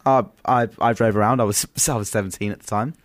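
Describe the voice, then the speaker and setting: A man's voice: on the low side, fairly even intonation, fast. Chatty man telling stories. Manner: rambling storyteller, many restarts and ums. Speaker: podcast host. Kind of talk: casual chat.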